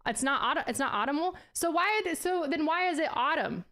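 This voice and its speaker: A woman's voice: high-pitched, lively intonation, brisk, bright, forceful tone. A woman streaming and chatting casually, playful and self-mocking, laughing often and cursing now and then as she trips over words. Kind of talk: casual chat.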